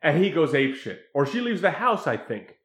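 A man in casual chat recapping a movie, animated and laughing as he acts out scenes. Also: a little high, fairly quick. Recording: echoey room.

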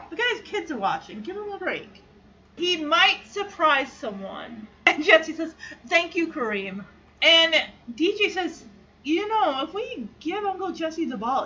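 A woman's voice: high voice, sharp tone, dull audio. A woman hosting a podcast, recapping a sitcom episode in a chatty way, full of "like" and quoted lines she acts out. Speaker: podcast host.

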